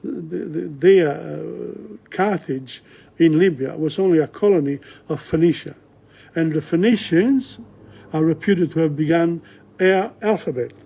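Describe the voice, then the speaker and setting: A man's voice: a little high, gravelly, warm tone, husky. An older man giving a casual, rambling language lesson at home, often correcting himself as he goes. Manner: rambling, self-correcting, slow and chatty. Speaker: language teacher.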